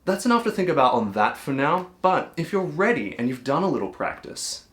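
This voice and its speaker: A man's voice: on the high side, sing-song, fairly quick. A man teaching a cajon lesson in a patient, reassuring way, sometimes counting and singing rhythms aloud. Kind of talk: relaxed, encouraging music lesson.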